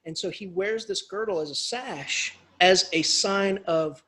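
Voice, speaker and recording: A male English professor retells a story in a loose, animated lecture. His voice is high and husky, with plenty of casual asides. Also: unhurried.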